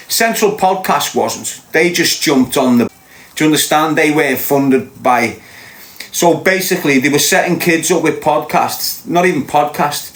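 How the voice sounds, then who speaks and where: A man's voice: on the high side, a bit bright, echoey room. A man with a Liverpool accent telling a heated, insistent story as a podcast host. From Liverpool, England. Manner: ranting, fired-up, insistent.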